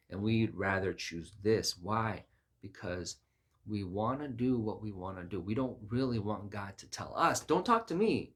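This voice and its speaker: Man preaching, low husky voice, lots of stuttered restarts and big jumps up in pitch. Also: fairly bright tone. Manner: emphatic, repeats words, voice rises sharply on quoted lines. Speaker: Christian preacher. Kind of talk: informal sermon-style talk.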